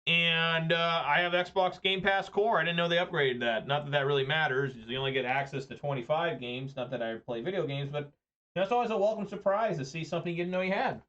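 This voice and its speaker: A man's voice: fairly high pitch, fairly quick, bright, forceful tone, highs cut off. A man, rambling and joking through casual gameplay commentary. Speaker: gaming video creator.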